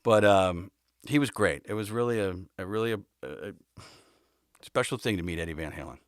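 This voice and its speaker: A man's voice: fairly low pitch, normal speed, clear, resonant tone, dry recording, clean studio sound. A middle-aged man hosting a podcast, telling rambling backstage anecdotes with frequent laughs and acted-out quotes. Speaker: podcast host. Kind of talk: casual storytelling.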